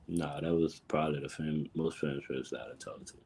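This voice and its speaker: A man's voice: extremely low pitch, fairly even intonation, fairly quick, gravelly, a little mellow, breathy edge. A teenage boy from New Orleans with a New Orleans accent, giving short, laid-back answers in a casual interview. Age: teens. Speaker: basketball recruit.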